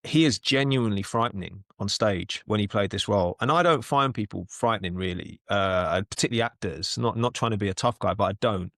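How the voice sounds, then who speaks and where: A man talks casually on a podcast, his voice sitting on the low side. He tells stories in a halting, chatty way, repeating words as he goes. The sound is dry and close, with no room around it. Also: creaky, a bit bright, no room sound. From London, England. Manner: anecdotal, restarts and repeats words often. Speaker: actor and podcast co-host.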